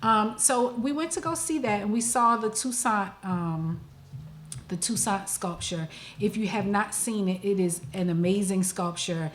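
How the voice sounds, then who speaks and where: A woman's voice: mid-range voice, unhurried, reverberant. A woman co-hosting a casual radio talk show, chatting enthusiastically with plenty of fillers, recorded in a radio studio. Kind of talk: casual chat.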